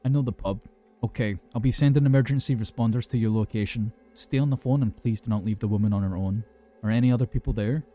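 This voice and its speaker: A man voicing an emergency call operator who gives calm, steady instructions to a frightened caller. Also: on the low side, quick pace, faint music behind, lightly acted. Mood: firm.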